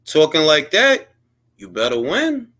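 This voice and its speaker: A man's voice: fairly high pitch, huge pitch swings, unhurried, fairly bright tone. Blunt, heated man with slangy talk. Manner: blunt, heated, slangy, mocks others in put-on quotes. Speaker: boxing commentary host. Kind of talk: opinionated solo commentary.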